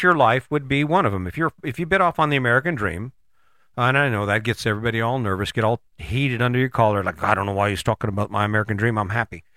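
Male host, bright forceful voice, dry close sound; loose, rambling motivational talk full of restarts. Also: mid-range voice, dry recording. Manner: conversational, rambling, frequent restarts. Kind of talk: motivational monologue.

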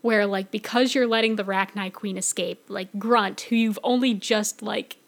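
A woman's voice: medium pitch, fairly even intonation, normal speed. A woman chatting casually about a video game, telling an emotional story with laughs. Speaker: podcast co-host. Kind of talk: casual gaming chat.

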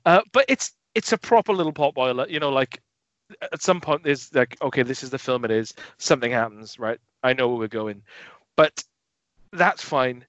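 A man co-hosting a casual film podcast, animated and often mimicking scenes in a lowered voice. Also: moderate pace, dry recording. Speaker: podcast co-host. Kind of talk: casual film review chat. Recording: dull lo-fi dry sound.

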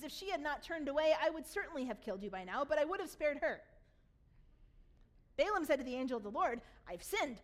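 Woman pastor, high voice, animated sermon storyteller who reads scripture then retells it with humor.

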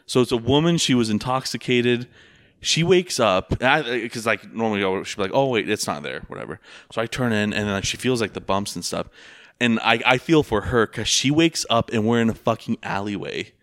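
A man's voice: mid-range voice, lively intonation, brisk, a bit bright, dry recording, clean studio sound. A young man telling a rambling story in casual chat, full of fillers and swearing. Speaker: rideshare driver.

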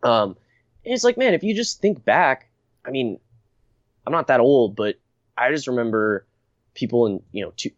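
A man's voice: medium pitch, lively intonation, normal speed, pauses often, dry recording. A young man hosting a casual podcast chat, rambling and blunt, laughing often and restarting his sentences. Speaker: podcast host. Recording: dry, dull lo-fi recording.

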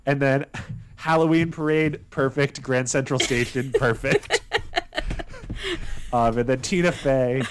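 A man's voice: mid-range voice, unhurried, long pauses, a little hiss or hum. A young man co-hosting a podcast, rambling through an idea with frequent chuckles and restarts. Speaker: podcast co-host. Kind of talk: casual chat.

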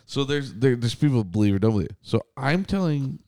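A man's voice: mid-range voice, expressive, a little fast, a little mellow, dry recording, studio quality. A man in his thirties, a podcast co-host and contractor, telling a story in casual chat, quoting others and swearing freely.

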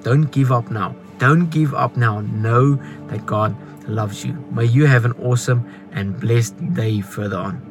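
A South African man giving an earnest, preachy testimony as a travelling evangelist. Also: fairly low pitch.

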